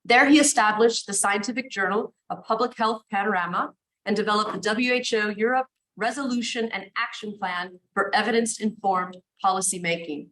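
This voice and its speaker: A woman's voice: medium pitch, moderate pace, fairly bright tone, poor audio. A woman moderating a conference session, welcoming the audience and introducing a speaker with enthusiasm.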